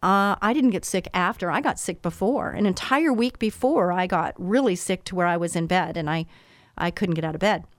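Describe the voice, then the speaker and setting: A woman's voice: fairly low pitch, normal speed, no echo. A middle-aged woman giving an earnest, emotional motivational talk about trust and faith, speaking as a business owner and coach.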